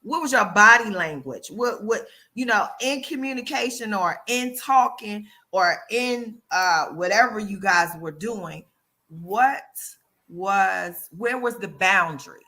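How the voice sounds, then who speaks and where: A woman hosting a casual talk show who talks in a lively way and acts out people's excuses as she goes. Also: mid-range voice, takes it slowly. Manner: animated, acts out quoted excuses, repeats "yada, yada". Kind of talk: casual chat.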